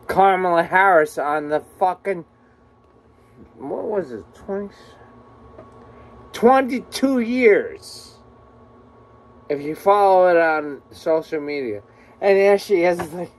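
Speaking very slowly with long pauses, a man with a high, expressive voice vents furiously to the camera in a home vlog. He is agitated, swears constantly and keeps repeating himself.

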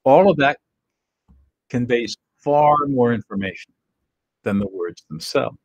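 Older male teacher, husky voice, earnest and direct, dry close sound. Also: medium pitch, lively intonation, unhurried, a little mellow, dry recording, dull audio. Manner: earnest, plain-spoken, sure of himself. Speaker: presenter teaching emotional skills. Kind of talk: direct-to-camera teaching talk.

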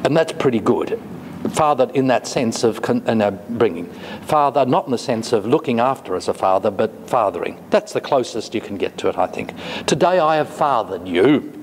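A man giving a classroom lecture, talking slowly and hesitantly with many fillers and asides. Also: medium pitch, expressive. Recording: long reverb, faint noise.

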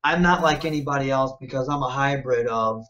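A man from Michigan, a wrestler and interview guest, talking in an animated, confident, self-promoting way and often checking in with "you know what I mean.". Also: mid-range voice, brisk, rough recording. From Michigan, United States. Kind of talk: casual interview talk.

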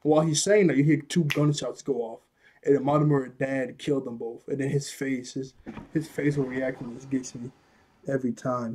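A man's voice: medium pitch, steady tone, fairly quick, dark tone, slight background noise. A young man hosting his own video, casually retelling an anime scene in a rambling, chatty way with restarts and laughs. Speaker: anime vlog host.

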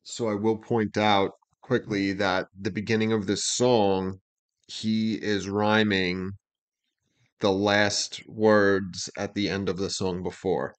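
Very deep-voiced man explaining songs. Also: slow. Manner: relaxed, explanatory, thinks aloud with fillers. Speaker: co-host breaking down songs. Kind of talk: casual music breakdown chat.

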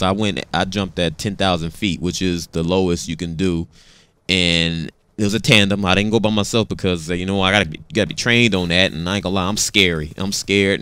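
Slangy man telling a story, smooth voice. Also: sits low. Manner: animated, slangy, repeats words and restarts. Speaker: gamer telling a personal story. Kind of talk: casual storytelling.

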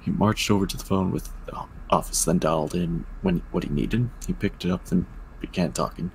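Casual male reader with a low, gravelly voice; stumbles and jokes between lines. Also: a little fast, darkish tone, a little hiss or hum, low-quality recording. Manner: joking asides, stumbles on words. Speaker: story reader. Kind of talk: reading a fan-written story aloud.

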